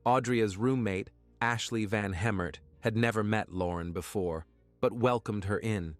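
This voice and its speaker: A man giving scripted true-crime narration in a measured, even way. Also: fairly low pitch, no echo, soft background music.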